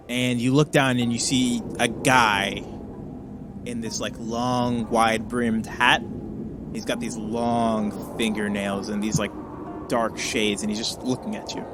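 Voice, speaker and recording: A man's voice: medium pitch, flat delivery, takes it slowly, pauses often. A man narrating as game master of a tabletop game, loose and filled with "like" and "kind of". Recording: music underneath.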